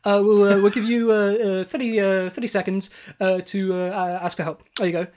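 A woman putting on a smug, taunting male game-show host, loud and gloating with halting pauses. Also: mid-range voice, level tone, close to an everyday voice.

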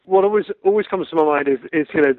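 British guy rattling off hunting stories quick, lots of laughs, sounds like a phone call. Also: a little high, no echo. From Britain. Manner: chatty, laughs through anecdotes, repeats words. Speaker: guest, field sports broadcaster. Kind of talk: conversational storytelling. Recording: tinny phone-like line, dry.

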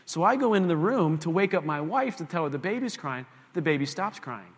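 Pastor, male, fairly high voice, chatty storytelling sermon with quick asides to the room, recorded in a hall with a long echo tail. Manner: animated, self-mocking anecdote with direct asides to the congregation.

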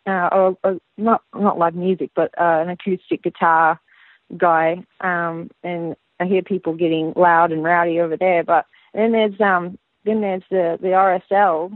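Australian woman singer on a tinny phone line, rambling and relaxed, dry sound. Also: fairly low pitch, no room sound. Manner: relaxed and rambling, many fillers and restarts. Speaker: band singer, guest. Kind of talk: casual interview chat.

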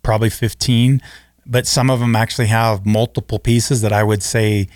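A man co-hosting a business podcast, talking earnestly with halting restarts. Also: fairly low pitch, little pitch movement, darkish tone, no echo, clean studio sound. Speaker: podcast co-host. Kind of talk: casual podcast chat.

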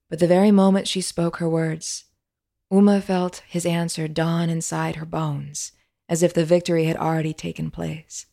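A woman narrating a fantasy story in a gentle, measured storytelling manner. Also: low-pitched, flat delivery, vocal fry.

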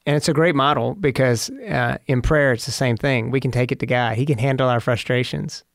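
A man in his forties with teenage daughters tells stories in a casual faith talk, speaking earnestly and prayerfully about family and faith. His medium-pitched voice is fairly quick with vocal fry, captured in studio quality with no echo.

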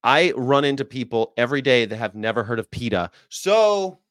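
An American man doing casual live-stream commentary, animated and jokey, putting on voices and laughing often. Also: mid-range voice, fast talker, no echo, clean studio sound. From United States. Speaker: streamer reacting to a video.

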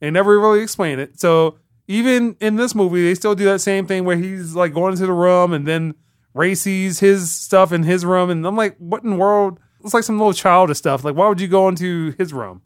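A man's voice: high-pitched, brisk, smooth, dry recording, clean studio sound. A man hosting a podcast in casual chat, rambling and acting out quotes as he goes. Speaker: podcast host.

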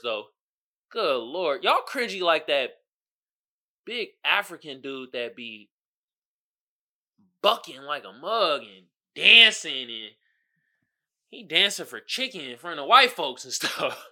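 A young adult man hosting a podcast, casually ranting about a movie in an animated, exasperated, slangy way. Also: a little high. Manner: animated, exasperated, slangy with mocking put-on quotes. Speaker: podcast host reviewing a movie. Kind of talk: casual rant.

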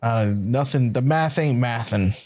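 A man's voice: medium pitch, unhurried, darkish tone. A man playing a tabletop role-playing game, talking in character in a wry, blunt and skeptical way. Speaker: player.

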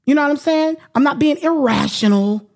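A woman's voice: sits high, a little fast, gravelly, darkish tone. A woman hosting a radio talk show, outspoken and profane, ranting in heated casual chat.

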